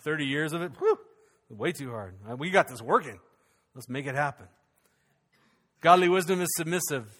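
Bright-voiced male pastor in a reverberant hall. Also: on the high side, expressive, moderate pace, pauses often. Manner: humorous, conversational preaching with many restarts. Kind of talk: sermon.

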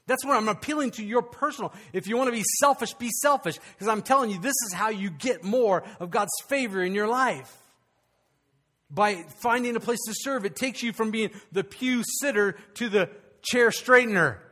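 A male pastor, preaching a conversational, animated sermon with frequent restarts. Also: sits high, moderate pace.

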